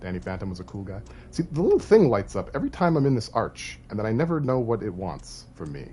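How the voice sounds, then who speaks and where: A man's voice: fairly low pitch, wildly swooping pitch, fast, dark tone, slight background noise. A man streaming a horror video game, chatting casually with his viewers, playfully boastful and laughing often. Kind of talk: casual live-stream commentary.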